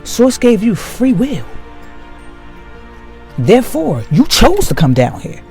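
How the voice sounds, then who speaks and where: A man giving a slow, emphatic spiritual monologue to his viewers, repeating key phrases for weight. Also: very high voice, huge pitch swings, mellow, soft background music. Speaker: spiritual video host.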